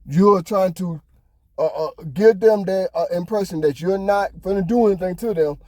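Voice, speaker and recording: A man's voice: high-pitched, normal speed, warm tone, no room sound. Fired-up ranting man, dry close sound. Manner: heated, ranting, swears often. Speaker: podcast host. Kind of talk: casual opinion monologue.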